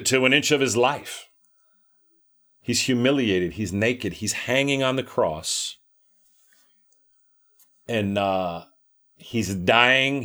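A man's voice: fairly low pitch, a bit bright. A man preaching an informal sermon in a conversational way, often repeating words and checking in with his listeners.

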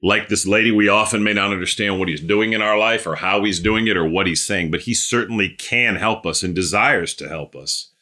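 Guy preaching a sermon, low-ish voice but bright and forceful, chatty, repeats himself a lot. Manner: conversational, repeats phrases, fills pauses with "um".

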